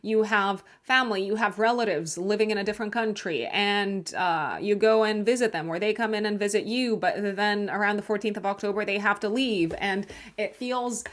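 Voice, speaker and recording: A woman's voice: mid-range voice, normal speed, hardly any pauses. A woman hosting a monthly horoscope video, talking casually with many fillers and restarts and laughing at herself now and then. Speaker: astrologer host.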